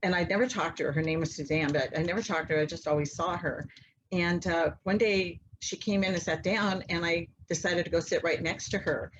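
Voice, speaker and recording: A woman guest telling a long personal story in a casual, animated way, acting out the voices of people in it. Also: lowish voice, fairly quick, muffled recording, slight background noise. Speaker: interview guest, mother.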